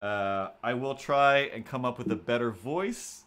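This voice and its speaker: A man's voice: mid-range voice, a little slow, a bit bright. A man chatting casually on a livestream from a room at home, rambling and self-mocking as he works out a character voice. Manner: rambling, self-mocking, full of fillers and restarts. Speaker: animator and streamer.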